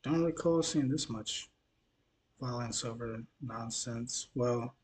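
A man's voice: medium pitch, slow, a little mellow, a little hiss or hum. A man from Mississippi, talking loosely in a news commentary vlog, tired and dehydrated after the gym, rambling and stumbling over his words. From Mississippi, USA. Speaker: news vlogger.

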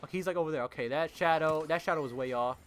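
A young man giving jumpy, excitable live commentary over his own gameplay, filling his talk with "like" and calling out to his teammates. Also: a little high, very fast, a little hiss or hum. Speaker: gaming channel host.

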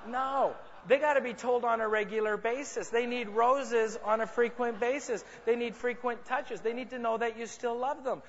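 A man with a high voice gives a playful, joking sales seminar to a live audience in a large conference room. He teases audience members as he talks. The sound is a little muffled and carries a long hall echo. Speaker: sales and marketing speaker. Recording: muffled reverberant hall recording.

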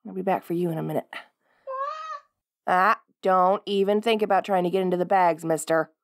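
A woman's voice: lowish voice, steady tone, normal speed, no echo, studio quality. Whispered role-play: young woman, playful girlfriend, bossy and affectionate, light laughter throughout.

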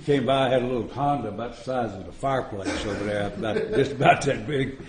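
A man's voice: medium pitch, a little fast, a loud crowd. A man speaking at a recovery retreat, telling stories in a folksy, joking way and chuckling often. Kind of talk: storytelling recovery talk. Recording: echoey room.

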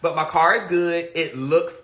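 A man's voice: on the high side, a little slow. A man live-streaming casually, telling stories to viewers in a sassy, dramatic way. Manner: animated, dramatic storytelling with lots of laughing; sassy, slangy, talks straight to viewers. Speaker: livestreamer.

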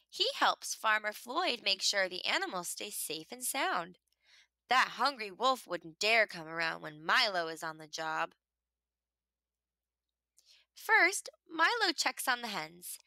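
A woman reading a children's picture book aloud in an expressive storytelling manner, making the animal sounds herself. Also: mid-range voice, normal speed, dry recording.

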